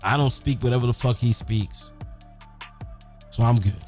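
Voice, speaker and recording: A man hosting a podcast, telling stories in a casual, profane, animated way. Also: mid-range voice, moderate pace, soft background music. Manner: profane, animated, acts out quotes. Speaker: podcast host. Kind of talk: casual storytelling.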